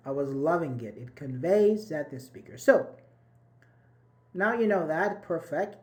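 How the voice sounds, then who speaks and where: Over a video call, a man leads a live English grammar lesson online, cheering his students on and going over every point more than once in different words. His voice sits high.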